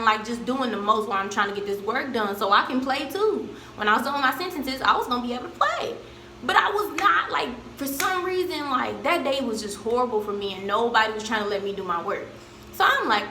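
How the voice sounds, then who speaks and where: Animated young woman telling a story, echoey. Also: on the high side, slight background noise. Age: young adult. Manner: animated, slangy storytelling with loud acted-out quotes. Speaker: vlogger. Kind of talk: storytime vlog.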